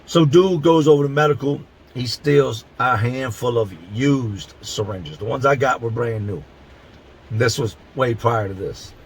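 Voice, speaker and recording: A middle-aged man from Philadelphia hosts a channel where he tells prison stories straight to camera, using blunt, profane street talk and drawing words out for emphasis. His medium-pitched voice is unhurried, and the low-quality recording carries a little hiss or hum.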